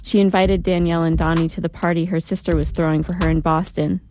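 Low-voiced woman narrating a story. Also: little pitch movement, fast, dark tone, soft background music. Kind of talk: first-person story narration.

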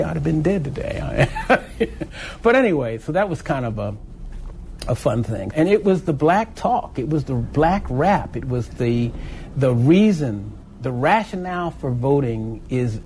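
An older man recalling his civil rights days in an oral history interview, animated, with many halting restarts. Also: mid-range voice, slight background noise.

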